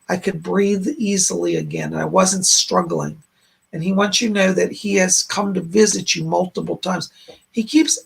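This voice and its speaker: A man hosting a live-stream psychic reading, relaying spirit messages in a gentle, reassuring way and repeating "she said" as he goes. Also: sits high, creaky, slightly rough. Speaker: psychic medium host.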